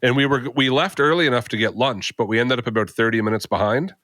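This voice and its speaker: Pria beraksen Kanada sebagai pembawa podcast yang bercerita santai dan bertele-tele. Suaranya bernada sedang, direkam kering tanpa gema. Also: male voice, medium pitch, fast talker, fairly bright tone, dry recording, studio quality. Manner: rambling, many fillers and asides. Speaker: podcast host. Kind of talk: casual storytelling chat.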